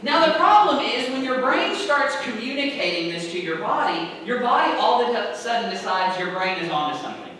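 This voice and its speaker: A woman's voice: a little high, sing-song, fairly quick, hardly any pauses, fairly bright tone, slight background noise. A woman pastor preaching a sermon in a conversational way, often checking in with the congregation. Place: large church sanctuary. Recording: echoey sanctuary heard from a distance.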